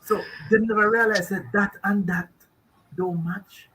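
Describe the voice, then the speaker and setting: Jamaican man, radio guest expert, emphatic and rambling, bright somewhat high voice. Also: steady tone, measured pace, husky, poor audio. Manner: emphatic, rambling, asks rhetorical questions. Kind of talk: radio talk show discussion.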